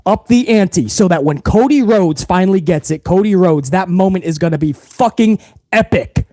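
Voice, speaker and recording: A man's voice: sits high, animated, normal speed, mellow, no room sound. A man hosting a wrestling livestream, talking casually and profanely straight to his viewers.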